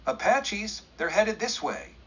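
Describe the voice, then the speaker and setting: A man's voice: on the high side, sing-song, normal speed, fairly bright tone, husky, highs cut off, full character voice. A man voicing a terrified old frontiersman with a French accent and broken English, talking in a choked, urgent way. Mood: panicked.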